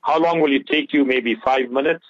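On a radio talk show, a man gives impassioned Islamic advice, mixing English with Urdu and Arabic phrases in earnest religious talk. His medium-pitched voice moves at normal speed, with no room sound, in dull lo-fi radio audio.

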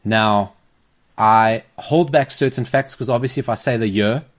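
A man's voice: lowish voice, normal speed. A South African man who is standing in as host, chatting casually and playfully, joking and laughing a lot on a studio mic. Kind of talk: casual chat. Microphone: studio microphone.

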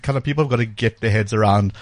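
Hosting a tech radio talk show from a studio, a man speaks in a lowish voice at a racing pace. He's chatty and loose, with plenty of fillers and restarts, and the studio-mic recording is dry.

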